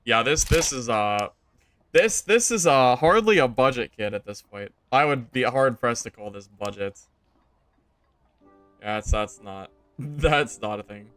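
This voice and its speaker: A young man casually commenting on his gameplay to stream viewers, joking and exasperated, jumping to loud high outbursts. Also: lively intonation, measured pace, soft background music. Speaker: game streamer.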